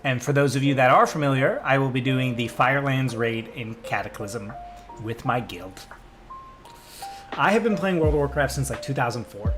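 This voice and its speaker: A man's voice: medium pitch, lively intonation, normal speed, over music. A young man streaming live, chatting loosely with viewers and answering their comments, with lots of fillers and restarts. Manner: rambling, many fillers and restarts. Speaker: livestreamer. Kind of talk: casual livestream chat reading comments.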